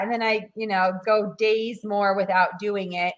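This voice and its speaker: Chatty higher-voiced woman teaching sewing. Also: normal speed. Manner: chatty, explains step by step with many fillers. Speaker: sewing and craft demonstrator. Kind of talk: live how-to demonstration.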